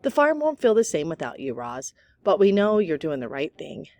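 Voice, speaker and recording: A woman voicing a kind, motherly cow in a storybook, speaking in a reassuring, higher voice. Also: very animated, moderate pace, a little mellow, no room sound.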